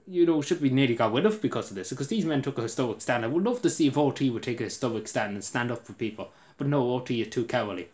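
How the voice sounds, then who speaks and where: An Irish man delivering an indignant political rant to camera, repeating himself for emphasis. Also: medium pitch. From Ireland.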